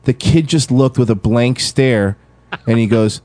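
A man's voice: mid-range voice, unhurried, no echo. A man co-hosting a casual podcast, telling a story with lots of swearing and acting out the people he quotes. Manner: profane, animated storyteller, acts out quotes. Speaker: podcast co-host.

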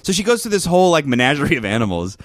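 Lively man telling a story. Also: fairly high pitch, rapid-fire, dry recording, studio quality. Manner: animated storytelling, acting out quotes. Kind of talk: casual chat.

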